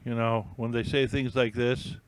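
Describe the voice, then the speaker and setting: A man's voice: medium pitch, little pitch movement, moderate pace, clear, resonant tone, rough recording. A man hosting a casual live stream, rambling and thinking aloud with many fillers and restarts while he browses listings. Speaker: YouTube host.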